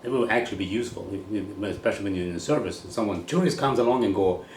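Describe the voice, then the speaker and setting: A low-pitched man with a Swedish accent holds forth in a blunt, rambling monologue, casually swearing as he goes. He is a golf coach speaking his mind. The room is echoey, with a faint hum of ambient noise behind him. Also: fast talker, darkish tone, recorded from a distance. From Sweden.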